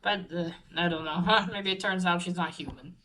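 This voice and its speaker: A woman's voice: fairly low pitch, fairly even intonation, normal speed, sharp tone. A woman giving a casual, rambling recap of a comic, with many fillers and restarts and the odd swear. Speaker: comic reviewer.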